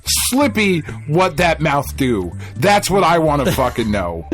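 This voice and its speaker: A man's voice: a little high, sing-song, takes it slowly, soft background music. A man co-hosting a casual gaming podcast, a crude, joking storyteller who swears heavily. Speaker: podcast co-host.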